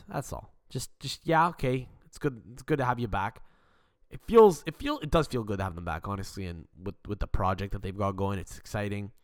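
A man hosting a casual solo podcast, rambling and swearing with many stuttering restarts, into a desk mic. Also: fairly low pitch. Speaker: podcast host. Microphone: desk mic without arm.

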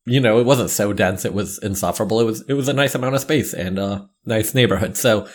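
A man's voice: fairly low pitch, quick pace. A man co-hosting a podcast, rambling and teasing himself in casual chat. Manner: rambling, self-mocking. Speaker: podcast co-host.

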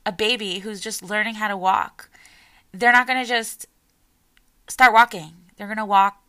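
A woman in her forties, a mother giving an earnest, heartfelt personal talk with a soft, emotional delivery. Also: mid-range voice, fairly even intonation, normal speed. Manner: earnest and emotional, voice softening as she tears up. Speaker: parent sharing her story.

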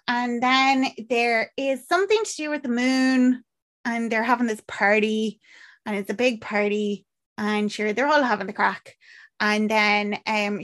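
A woman's voice: fairly high pitch, a bit bright. A woman with an Irish accent chatting casually as a podcast co-host, rambling with lots of fillers and acted-out quotes. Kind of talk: casual chat recapping a film.

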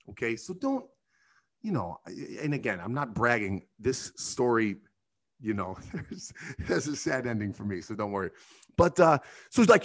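A man's voice: medium pitch, a bit bright. A man in his thirties hosting a podcast, telling a rambling, profane, self-mocking story in casual monologue. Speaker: podcast host; bartender.

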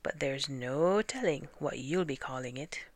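A woman's voice: sits low, animated, measured pace, dry recording, exaggerated voice. A woman reading a storybook aloud and voicing a plucky young peasant girl with folksy, dryly doubtful replies. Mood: wry.

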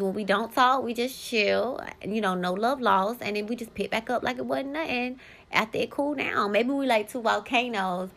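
A woman's voice: fairly high pitch, fairly bright tone. A woman in her thirties hosting her own podcast, talking candidly and emphatically to her listeners in a casual monologue, sometimes reading old yearbook notes aloud. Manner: candid, profane and emphatic, talks straight to listeners. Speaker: podcast host.

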